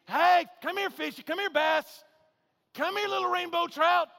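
A preacher doing a sly fisherman sweet-talking the fish, voice jumped up high and bright with a gravelly edge. He croons in a falsely innocent sing-song, the sound ringing out in a long hall reverb. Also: normal speed, heavily acted. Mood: coaxing.

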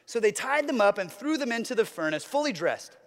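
Man, pastor, earnest sermon cadence, high voice, reverberant hall. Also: big pitch swings, a little fast, fairly bright tone. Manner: earnest, repetitive preaching cadence.

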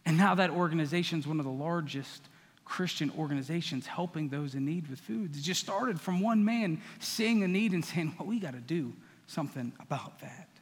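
A man's voice: fairly high pitch, moderate pace. Guy pastor giving a sermon, chatty, ribs folks in the pews, echoey church hall. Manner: conversational, teases the congregation.

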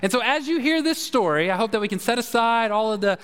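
A man's voice: very high voice, lively intonation, quick pace, a bit bright, smooth. A middle-aged man preaching a live Sunday sermon in a church service, talking in a conversational, rambling way full of fillers and restarts. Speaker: pastor. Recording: reverberant hall.

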